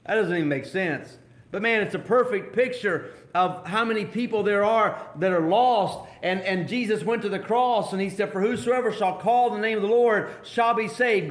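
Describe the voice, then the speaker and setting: A man preaching a sermon as pastor, emphatic, jumping between loud high bursts and low dropped asides. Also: normal speed, reverberant.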